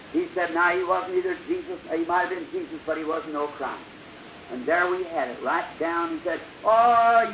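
A man preaching an old-time revival sermon, telling a story and acting out the dialogue, swinging from loud bursts to hushed lines. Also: fairly high pitch. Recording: dull lo-fi archival recording with hiss.

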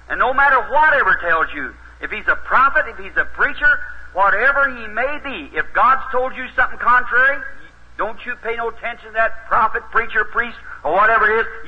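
A man's voice: sits high, animated, fairly quick. A male preacher telling a story in a sermon, folksy and homespun, rising into emphatic urging. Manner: folksy, rises to emphatic exhortation. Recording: dull, husky old tape recording.

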